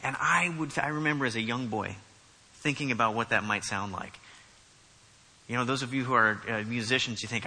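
Emphatic preacher with a bright, husky voice. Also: male voice, medium pitch, moderate pace. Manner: conversational, rising to emphatic bursts with many restarts. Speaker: pastor. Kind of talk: expository sermon. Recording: long hall reverb.

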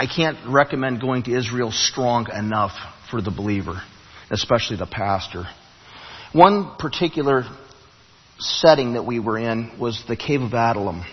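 Husky preacher in a reverberant church. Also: male voice, mid-range voice. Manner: storytelling preacher, halting restarts, rising emphasis. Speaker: pastor. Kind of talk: sermon. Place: church sanctuary. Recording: muffled, long hall reverb.

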